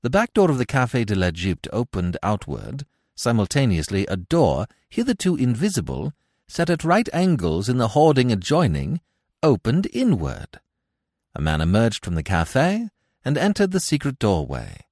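A man giving scripted narration of a classic tale in a measured, expressive way. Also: medium pitch, dry recording, studio quality. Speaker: audiobook narrator.

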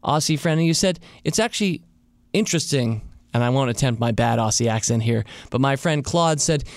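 A man hosting a podcast alone. He talks casually and thinks out loud, and he asks many rhetorical questions. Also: mid-range voice, brisk, no echo, studio quality. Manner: reflective, full of rhetorical questions. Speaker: podcast host. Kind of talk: casual solo monologue.

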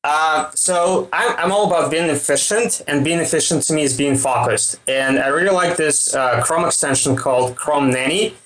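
A man's voice: a little high, normal speed, few pauses, a bit bright, reverberant, low-quality recording. A man in his thirties with a Russian accent, a startup founder answering interview questions hesitantly, with many fillers. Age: 30s.

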